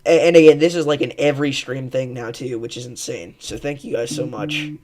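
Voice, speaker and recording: A man's voice: mid-range voice, a little fast, a little mellow. A young man hosting a weather livestream, chatting casually, rambling and thanking viewers. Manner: rambling, thankful, laughs with co-hosts.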